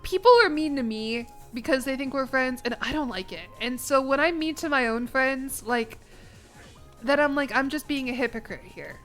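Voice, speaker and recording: A woman's voice: high-pitched, moderate pace, a bit bright, faint music behind. Joking young American woman streamer. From United States. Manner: joking, self-mocking, laughs often. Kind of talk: casual live-stream gaming commentary.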